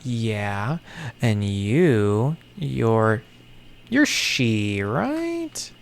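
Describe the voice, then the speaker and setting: Slow, gravelly man muttering to himself. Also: mid-range voice, a bit bright, slight background noise. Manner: mutters and thinks aloud to himself, sarcastic, swears casually. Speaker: content creator. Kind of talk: casual solo commentary while puzzling something out.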